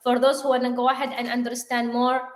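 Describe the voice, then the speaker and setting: A woman's voice: a little high, level tone, brisk. A woman co-hosting a motivational live show, talking in an earnest, emphatic way and stopping now and then to correct herself. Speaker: co-host. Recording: echoey room.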